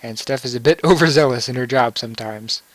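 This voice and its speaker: A man's voice: mid-range voice, a little fast, fairly bright tone, no room sound. A young man giving casual, joking commentary over a video game and laughing often. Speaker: let's play commentator.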